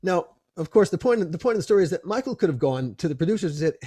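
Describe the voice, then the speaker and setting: Guy spinning a wild film set story, voice bouncing all over, kinda high, dry close sound. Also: quick pace, slightly rough, no echo. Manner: lively, expressive, restarts and repeats phrases. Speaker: film producer guest. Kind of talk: animated anecdote telling.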